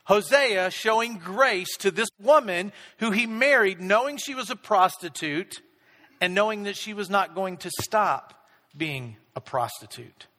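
A middle-aged pastor preaching with a high, bright voice that rings out in the long reverb of a big hall. He tells a self-deprecating story in a relaxed, chatty way. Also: a little slow. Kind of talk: storytelling sermon.

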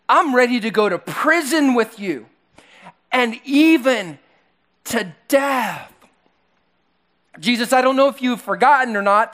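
A preacher doing a boastful eager disciple. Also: male voice, heavily acted. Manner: higher, louder, pleading and boastful.

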